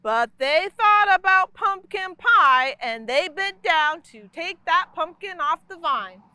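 A woman library storyteller reading a picture book aloud, expressive and full of sound effects. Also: very high voice, takes it slowly, no room sound.

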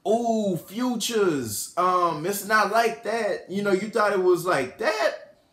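A man voicing a young woman who talks in a sing-song, drawn-out way. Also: high-pitched, sharp tone, roomy sound, voice pushed up, exaggerated voice. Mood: defensive. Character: young woman, sweet then defensive.

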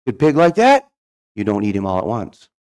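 A man's voice: fairly low pitch, huge pitch swings, moderate pace, darkish tone. A man voicing a proud old village chief who talks in broken English.

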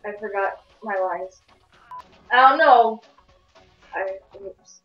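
A woman's voice: medium pitch, slow pace, soft background music. A woman recording fan voice-acting bloopers, flustered and breaking off after mistakes. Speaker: fan voice actor. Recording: dull echoey home recording.

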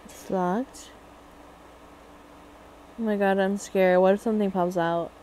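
A woman's voice: medium pitch, fairly even intonation, takes it slowly, mellow, a little hiss or hum, poor audio. A young woman giving casual commentary as she plays a horror game, thinking aloud and getting jumpy and scared as it goes on. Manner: thinking aloud, jumpy and frightened during chases. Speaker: gaming video creator.

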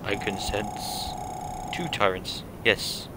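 A man voicing a tyrant creature from a video game, speaking slowly and quietly in a low, ominous way. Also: background noise. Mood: menacing calm. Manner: slow, low and hushed. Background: game music.

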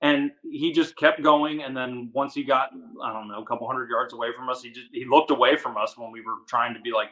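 A man from the Washington DC area, a guest angler, telling a story in casual chat, animated and full of "like". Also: medium pitch, poor audio. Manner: animated, fast, says "like" a lot.

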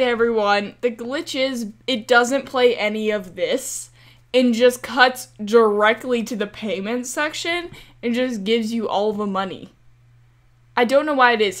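A young woman gaming creator gives casual, chatty commentary over her gameplay, often exasperated and talking back to the game's characters. Her voice is on the high side.

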